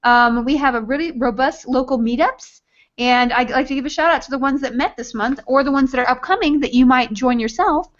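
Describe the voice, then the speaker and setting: A woman's voice: high-pitched, fairly quick. A woman hosting an online book club hangout, chatty and casually announcing meetups with playful asides over a video call. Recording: dull lo-fi video call audio.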